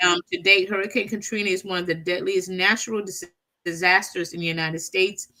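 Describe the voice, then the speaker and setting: Co-hosting a laid-back talk show, a middle-aged woman reads a news story out loud at a steady, brisk clip, her bright, clear voice fairly low in pitch. She trips up and restarts now and then, laughs warmly, and banters comfortably with her co-host between sections.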